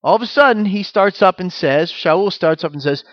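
A man's voice: high-pitched, normal speed, few pauses, dry recording, lo-fi sound. A man giving a sermon as pastor, teaching through rhetorical questions and repeated phrases.

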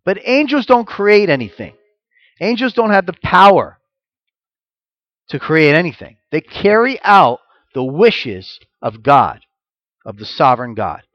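Man, rabbi's sermon, animated delivery, slow emphasis on key words, dry close sound. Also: fairly high pitch, no room sound, dull audio. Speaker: messianic rabbi. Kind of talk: sermon teaching.

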